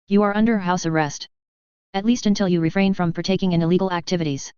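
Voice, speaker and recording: A woman's voice: fairly low pitch, steady tone, fast talker, a little mellow, clear, resonant tone, no room sound, lightly acted. A woman reading the lines of a stern, sour woman handing down punishment, on slightly dull lo-fi audio.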